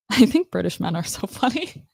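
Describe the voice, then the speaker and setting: A woman's voice: mid-range voice, animated, a little slow, creaky, darkish tone, no room sound, studio quality. A woman hosting a casual livestream, laughing often and breaking off mid-sentence while she tries out British accents. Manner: giggly, self-interrupting, playful. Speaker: livestream host.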